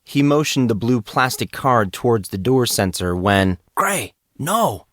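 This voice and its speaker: Reading an audiobook at a steady, measured pace, this man has a mid-range voice. It's studio quality, with no room sound at all.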